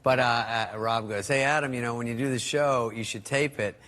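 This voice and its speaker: A man's voice: medium pitch, brisk, fairly bright tone. A middle-aged man, a comedian guest telling anecdotes on a talk show and imitating his friends as he goes. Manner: storytelling, doing voices of friends. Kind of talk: anecdotal chat on talk shows.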